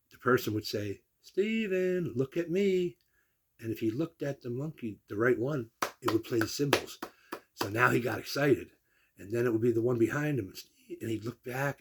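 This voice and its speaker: A man in his sixties telling salty family stories in a casual way, acting out the people he quotes. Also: fairly low pitch. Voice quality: gravelly, husky voice. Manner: animated, salty storyteller who acts out the people he quotes. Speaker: storyteller. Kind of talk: casual personal storytelling.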